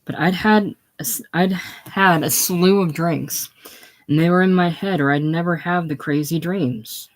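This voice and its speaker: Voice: mid-range voice, measured pace, natural voice. A reader voicing an anxious, scheming old farmer father in a casual play reading, uneasy and pleading. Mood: quiet. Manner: uneasy and pleading, then loudly angry.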